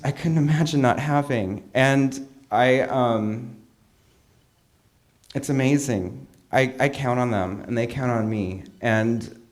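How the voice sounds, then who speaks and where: A young man from California giving a candid, self-mocking personal talk at a meeting, full of fillers and asides. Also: medium pitch. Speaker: meeting speaker. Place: meeting hall.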